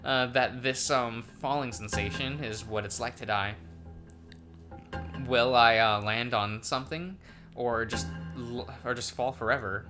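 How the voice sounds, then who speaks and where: A man's voice: mid-range voice, steady tone, unhurried, over music. A man hosting a let's play, reading a visual novel aloud in a hesitant way with many ums and uhs.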